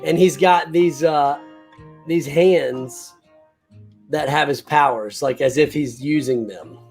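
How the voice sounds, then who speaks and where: A man's voice: a little high, slow, soft background music. Enthusiastic man hosting a toy stream. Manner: enthusiastic, laid-back. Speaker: host of a toy unboxing stream. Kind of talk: casual live-stream chat.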